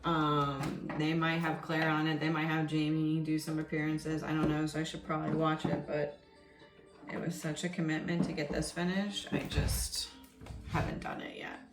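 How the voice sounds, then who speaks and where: A woman's voice: low-pitched, flat delivery, normal speed. A woman tarot reader talking casually and rambling, with many ums and you-knows. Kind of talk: casual spoken tarot reading. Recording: roomy echo with faint music underneath. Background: faint background music.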